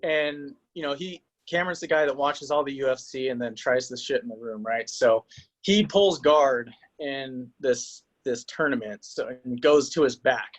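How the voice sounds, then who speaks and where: A man, a high school wrestling coach, animatedly telling a story in casual chat. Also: normal speed. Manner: animated storyteller, yells quoted lines.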